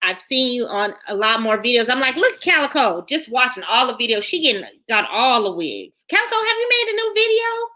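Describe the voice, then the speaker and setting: A woman, hosting a casual livestream, reading viewers' comments aloud and chatting in a lively way, repeating herself often. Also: a little high, a little fast, few pauses. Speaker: channel host reading live chat.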